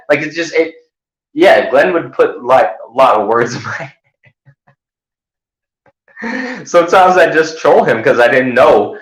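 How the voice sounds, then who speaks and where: A male host chatting casually, rambling and animated, slipping into loud mocking voices. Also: mid-range voice, normal speed, long pauses, echoey room, poor audio. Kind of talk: casual chat.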